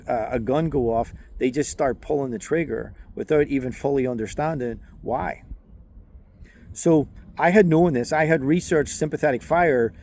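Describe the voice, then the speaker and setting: A middle-aged man hosting a channel, telling a personal story in a casual monologue, halting with frequent restarts and fillers. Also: medium pitch, darkish tone. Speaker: channel host.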